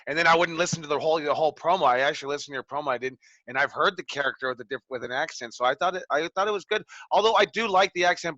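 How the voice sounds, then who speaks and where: A man coaches a wrestling promo class with upbeat encouragement. His voice is bright and forceful, and the recording is dull and lo-fi. The sound is dry. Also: mid-range voice, dry recording. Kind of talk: class critique. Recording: dull lo-fi audio.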